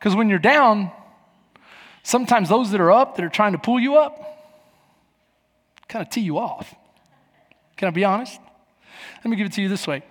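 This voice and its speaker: A man in his forties preaching a sermon as pastor, telling stories with lively acted-out voices and shouts. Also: high voice, normal speed, long pauses, big-room sound. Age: 40s. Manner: animated storytelling, acting out voices and shouts. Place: church.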